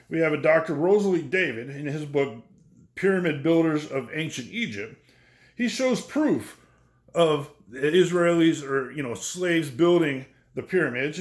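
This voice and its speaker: Man lecturing in an echoey room. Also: on the high side. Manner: conversational, checks in with "right?" and "okay?". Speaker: teacher. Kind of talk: lecture on biblical history.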